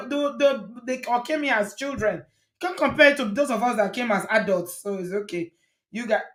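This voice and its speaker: A middle-aged woman hosts a relaxed live-stream conversation. She is chatty and teasing and laughs easily between points. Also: medium pitch. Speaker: host. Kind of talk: casual live-stream chat.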